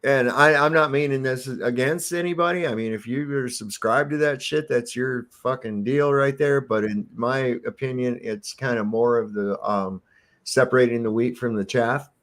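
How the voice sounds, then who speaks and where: A man's voice: mid-range voice, fairly even intonation, normal speed, fairly bright tone. A man in casual podcast chat who explains his view emphatically, in a lecturing way. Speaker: podcast co-host.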